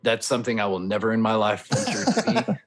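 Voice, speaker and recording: A man's voice: fairly low pitch, big pitch swings, a little fast. A man who works as a tour manager and sound engineer, chatting casually on a podcast in an easygoing, rambling way.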